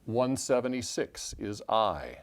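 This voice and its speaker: A man hosting a puzzle channel, thinking aloud as he calls out letters and clue numbers in a measured solve-along walkthrough. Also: lowish voice, big pitch swings. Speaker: puzzle-solving channel host.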